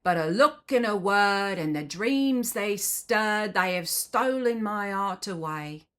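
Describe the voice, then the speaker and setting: A woman voicing a hearty working-class washerwoman who sings a sentimental song slowly in a Cockney accent. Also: mid-range voice, expressive, fairly bright tone. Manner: singing slowly and tunefully.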